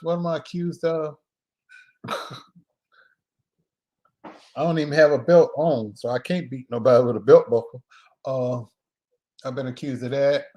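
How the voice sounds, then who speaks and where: A man hosting a casual live stream as a filmmaker, talking in a loose, joking way with laughs and drawn-out pauses. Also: medium pitch, gravelly, mellow.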